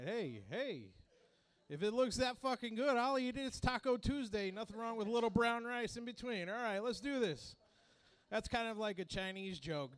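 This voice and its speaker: A man doing a stand-up set in a small club, loud and crude, teasing the crowd. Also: very high voice. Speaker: stand-up comedian.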